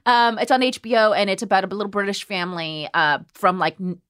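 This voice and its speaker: A woman's voice: mid-range voice, steady tone, brisk, a bit bright, smooth, dry recording, clean studio sound. A woman hosting a podcast, talking in an impassioned, rambling way with many fillers and some swearing. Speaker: podcast host. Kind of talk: casual discussion. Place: New York.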